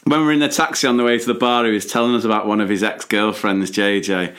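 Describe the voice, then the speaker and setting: A man's voice: fairly low pitch, quick pace. Easygoing English man leading the chat. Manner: relaxed, laughs easily, asks questions to lead the chat. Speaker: podcast co-host. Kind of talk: casual chat.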